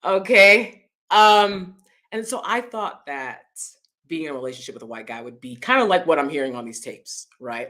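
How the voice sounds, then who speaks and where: A woman talks straight to her audience in loose, casual commentary. Her voice sits on the lower side and has a bright, forceful edge. She is chatty and expressive and breaks into laughter often. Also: moderate pace. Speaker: vlogger host.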